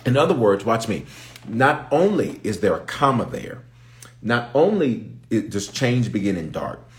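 His voice on the low side and his pace a little slow, a very animated bishop teaches the Bible in an improvised live stream. He stresses and repeats his points, imploring listeners to focus as his fervor rises.

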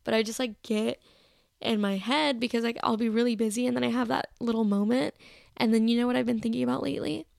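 A woman's voice: a little high, fairly even intonation, quick pace, gravelly, darkish tone, no echo, clean studio sound. A woman in her twenties hosting a podcast, chatting casually on her own from her bedroom in a rambling, self-critical way. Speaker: podcast host. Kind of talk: casual solo chat. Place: bedroom, sitting on her bed. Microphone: personal mic.

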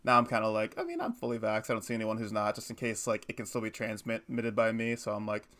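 Fast-talking young man, rambling. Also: on the low side, sing-song, bright, forceful tone. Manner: fast, rambling, self-correcting storyteller. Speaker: podcast co-host. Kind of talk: casual chat.

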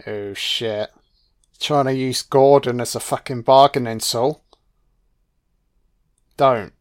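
A man's voice: medium pitch, steady tone, a little slow. A man giving casual watch-along film commentary, swearing freely and talking back at the screen. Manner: profane, reactive, talks back at the screen.

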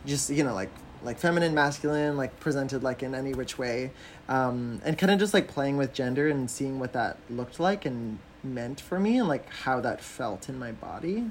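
A man's voice: mid-range voice, animated, moderate pace, slight background noise. A man from Canada, a drag performer, chatting casually as a podcast guest, with many fillers and frequent laughs.

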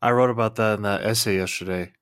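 A man's voice: on the low side, fairly even intonation, fast, fairly bright tone, smooth, no echo, clean studio sound. A young man co-hosting a podcast in casual chat, sarcastic and profane. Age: young adult. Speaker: podcast co-host.

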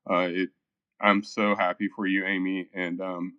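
A shy man hosting an online community room, speaking haltingly with frequent pauses. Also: low voice, level tone, no echo, lo-fi sound. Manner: soft-spoken and halting, many pauses. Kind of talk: casual chat.

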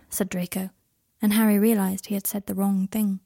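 Woman reading a fanfic out loud, kinda husky, dry close sound, does all the parts herself. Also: medium pitch, steady tone, normal speed, no echo. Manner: reads both characters' dialogue and texts in one voice. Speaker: fan fiction audiobook reader. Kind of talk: scripted narration.

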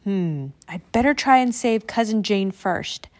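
A woman's voice: mid-range voice, animated, a little slow, close to an everyday voice. A woman reading a storybook aloud, voicing an eager, earnest young male crocodile in a slightly raised voice.

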